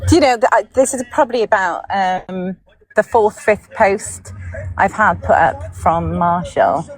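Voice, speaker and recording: A woman's voice: medium pitch, unhurried, low-quality recording. A woman in casual chat, apologetic and laughing easily as she explains herself.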